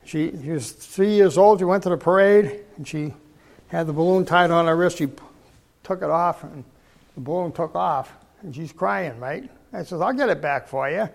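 A man's voice: on the high side, normal speed, gravelly. An older man preaching a sermon, telling folksy stories and repeating words for emphasis.

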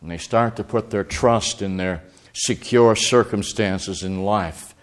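A man preaching a sermon, earnest, quoting scripture and swinging between raised and hushed passages. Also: lowish voice, slow pace.

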